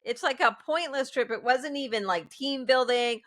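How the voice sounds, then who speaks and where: A woman co-hosting a casual talk show, telling animated work stories, laughing often and mimicking the people she quotes. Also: high-pitched, moderate pace. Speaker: podcast co-host. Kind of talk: casual chat.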